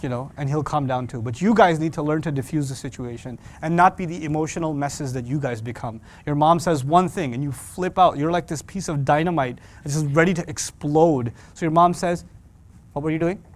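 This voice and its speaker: A man with a slightly high voice teaches a Quran class to young adults. He talks in a lively, joking way, slipping into voices of parents and teens as he makes his points. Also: brisk, hardly any pauses.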